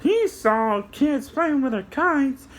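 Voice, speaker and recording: A man voicing a cheerful little puppy dog puppet in a squeaky, sing-song voice, eagerly answering questions about a story. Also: animated, takes it slowly, full character voice.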